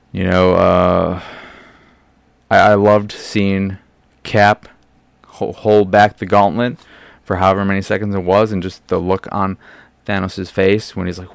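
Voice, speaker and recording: A man's voice: deep voice, vocal fry, smooth, no room sound. A man hosting a podcast, giving a casual, rambling film review with lots of restarts and fillers.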